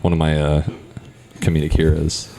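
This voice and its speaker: A man's voice: rumbling low, completely flat delivery, moderate pace, mellow, slight background noise. A man who is a stage actor, chatting as a podcast guest in a rambling, self-deprecating way. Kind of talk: casual podcast chat.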